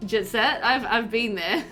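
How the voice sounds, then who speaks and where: An Australian woman chats while streaming a game from home, rambling with plenty of fillers. Her voice is bright and sits a little high. Faint music plays underneath. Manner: rambling, chatty, many fillers like "like" and "um". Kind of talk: casual chat while live-streaming a game.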